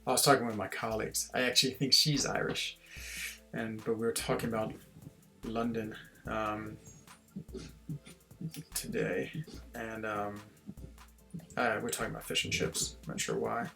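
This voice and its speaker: Gravelly-voiced man streaming a game. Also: lowish voice, little pitch movement, normal speed, pauses often, sharp tone, soft background music. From Switzerland. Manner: chatty, self-deprecating, reads chat aloud. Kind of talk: casual gameplay stream chat.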